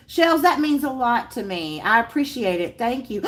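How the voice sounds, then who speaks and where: A woman's voice: high-pitched, animated, measured pace, few pauses, fairly bright tone. A woman hosting a casual livestream, bubbly and gushing as she greets viewers by name. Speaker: livestream host. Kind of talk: casual live chat with viewers.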